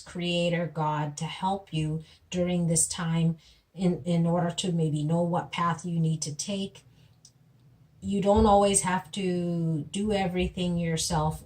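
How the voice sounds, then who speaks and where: A woman giving a tarot reading in a gentle, reassuring, unhurried way, repeating words and pausing as she goes. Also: on the low side. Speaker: tarot reader. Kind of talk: slow, soothing tarot reading.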